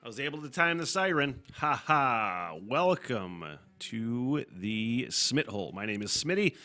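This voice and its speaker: A man's voice: mid-range voice, very animated, a little slow, bright, forceful tone. A man hosting his own podcast, chatting casually and loosely, swearing freely and laughing at his own asides. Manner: loose and profane, rambling with fillers and chuckles. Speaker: podcast host. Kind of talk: casual solo podcast chat.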